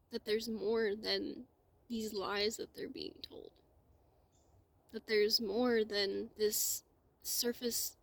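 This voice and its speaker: Slow, emotional woman on the verge of tears. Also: fairly high pitch. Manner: heartfelt, slow, drifting into soft whispers. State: close to tears. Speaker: spiritual vlogger. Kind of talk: emotional personal monologue.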